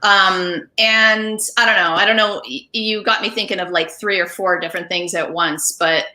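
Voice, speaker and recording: A woman's voice: medium pitch, steady tone, normal speed, pushed and bright. A woman hosting a podcast, chatting casually and thinking aloud, trailing off and restarting. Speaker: podcast host. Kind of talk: casual conversation. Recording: echoey room.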